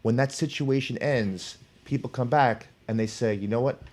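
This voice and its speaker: Middle-aged male guest, animated storyteller, average pitch, mimics the people he quotes. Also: normal speed. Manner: animated, acts out quoted people in his stories. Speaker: author and professor, podcast guest. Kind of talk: storytelling in conversation.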